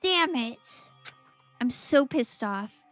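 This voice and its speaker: A woman's voice: fairly high pitch, animated, extremely slow, faint music behind. A woman voicing an angry young man in a video game who curses everyone and himself. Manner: bitter, shouting outbursts.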